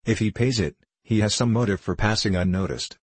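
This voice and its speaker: A man's voice: on the low side, fairly quick, breathy edge, dry recording. A man voicing a mild, vague little country priest who speaks simply and apologetically in an audiobook reading. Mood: calmly explaining.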